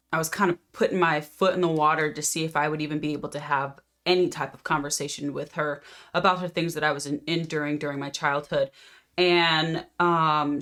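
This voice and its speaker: A woman's voice: low voice, fairly bright tone. A woman host and life coach telling a personal story to camera in an earnest, conversational way, often restarting her sentences.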